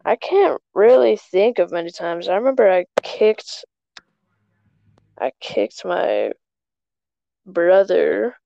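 A woman's voice: mid-range voice, sing-song, takes it slowly, vocal fry, long pauses, warm tone, dry recording. A woman hosting a casual chat over a phone call, asking easygoing questions. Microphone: phone on a group call.

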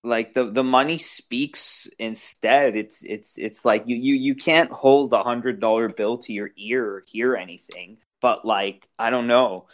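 Animated, stammering podcast panelist. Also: medium pitch. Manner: animated, stammering restarts, quick bursts. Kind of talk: casual group discussion.

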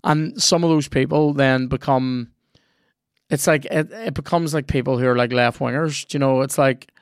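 A man chats casually while playing a video game, swearing freely and reacting out loud to the match. His voice is gravelly and sits at an ordinary middle pitch. The sound is close and dry. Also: steady tone, moderate pace, dry recording. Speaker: podcast host.

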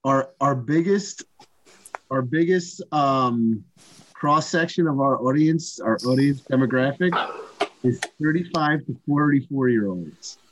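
A man co-hosting a podcast in casual chat, halting and restarting his sentences. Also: medium pitch, lo-fi sound. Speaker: podcast co-host.

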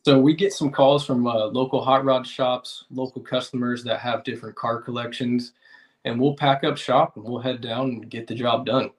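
A man's voice: mid-range voice, fairly even intonation, normal speed. A man with an American accent, a guest on a podcast, speaking in a laid-back, reflective way. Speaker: podcast guest, car detailer. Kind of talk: casual podcast interview.

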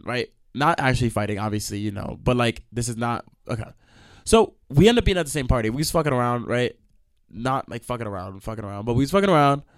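A young man hosting a podcast, ranting in a profane, animated way with sudden loud outbursts. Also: mid-range voice, no echo, studio quality. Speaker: podcast host. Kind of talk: ranting monologue.

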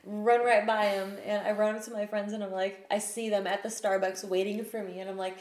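A woman hosting a casual chat, telling profane, animated stories about meeting celebrities. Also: mid-range voice, a little fast, hardly any pauses. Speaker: podcast host. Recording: echoey room, faint noise.

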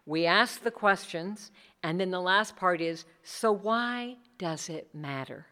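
A middle-aged woman with a voice on the low side leads a workshop session at a conference, speaking slowly. Her manner is conversational and animated, and she acts out what other people said.

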